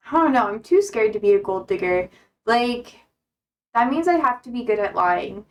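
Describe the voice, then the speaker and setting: Young woman streamer, kinda high voice, blunt and sweary, laughs a lot, just chatting with chat. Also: expressive, normal speed. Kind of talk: casual chat reading viewer comments.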